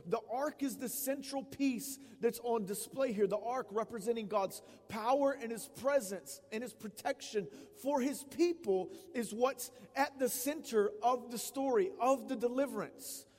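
A man in his thirties preaching an expository sermon in a conversational, emphatic way, often tossing in quick "right?" asides. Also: very high-pitched, darkish tone. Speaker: pastor. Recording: long reverb of a large hall.

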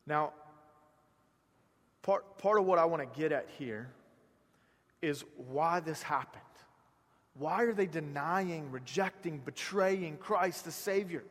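A man from South Georgia with a Southern accent, preaching a sermon as a pastor. He swings from hushed lines to loud, rising ones and repeats words for emphasis. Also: fairly high pitch, slow, pauses often, in a large hall.

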